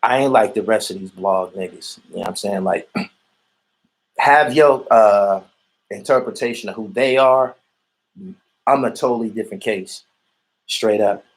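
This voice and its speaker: A man's voice: lowish voice, normal speed, long pauses, rough recording. Guy ranting on a stream, blunt and repetitive, swears a lot. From Erie, Pennsylvania. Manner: blunt, repetitive, profane street talk. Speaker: vlogger reading viewer comments. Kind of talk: livestream rant reacting to comments.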